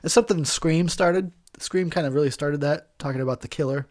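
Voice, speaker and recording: A drunk and high man giving a crude, rambling, giggly commentary over a movie he is watching. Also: fairly quick, darkish tone.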